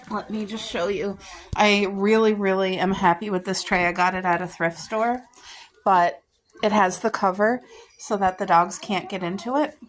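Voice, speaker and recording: Middle-aged woman vlogger, homey and chatty, quick little apologies as she goes. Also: medium pitch, a little hiss or hum. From Canada. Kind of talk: casual home vlog.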